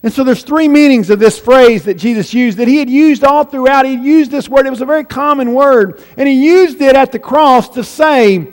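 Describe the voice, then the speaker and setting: Male preacher, very high voice, emphatic, long hall reverb. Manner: emphatic, slows right down on key phrases. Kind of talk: sermon. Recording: long reverb in a big room.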